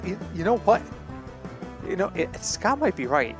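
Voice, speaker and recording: High-voiced man rambling through sports gossip. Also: moderate pace, music in the background. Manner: rambling, animated storytelling with self-corrections. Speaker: podcast co-host. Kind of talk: casual sports podcast banter. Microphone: home computer mic over online call.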